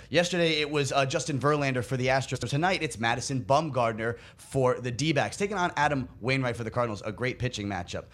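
A man's voice: medium pitch, a bit bright. A man hosting a sports betting segment, upbeat, walking listeners step by step through his picks. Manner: upbeat, explains bets step by step. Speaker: producer and segment host.

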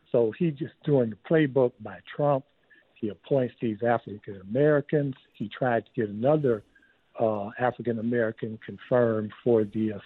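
Husky man from Detroit calling in. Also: mid-range voice, dry recording. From Detroit, Michigan. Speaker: caller. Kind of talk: phone-in comment. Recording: tinny dry phone line.

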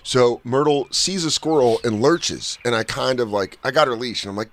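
A man's voice: medium pitch, moderate pace, hardly any pauses. A man co-hosting a casual comedy talk show, telling a story with lots of energy and acting out the voices in it. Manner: animated, acts out voices in his stories. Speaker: podcast co-host.

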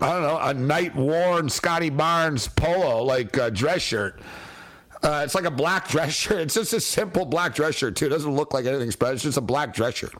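A man's voice: a little high, a bit bright. A man hosting a casual sports talk show, chatty and slangy, laughing often between points.

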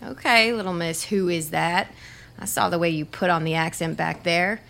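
A woman's voice: lowish voice, steady tone, moderate pace, creaky, a bit bright. An actress playing a playful young woman who teases her friend. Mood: teasing. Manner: teasing, playful.

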